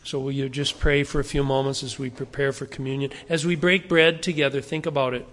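A man's voice: medium pitch, little pitch movement, fairly quick, a bit bright. Preaching man in a reverberant church. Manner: earnest, exhorting, rhetorical questions. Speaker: pastor. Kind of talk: sermon.

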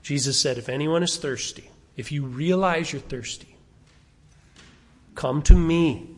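A middle-aged man preaching a sermon to a congregation, asking them questions and having them turn to verses. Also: a little high. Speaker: pastor. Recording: long hall reverb.

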